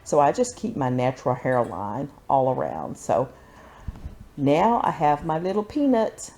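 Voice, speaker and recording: A woman's voice: extremely low pitch, very animated, a little slow, mellow. A woman vlogging her routine in a sassy, chatty way, calling viewers honey and y'all. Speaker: beauty vlogger. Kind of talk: casual chatty vlog.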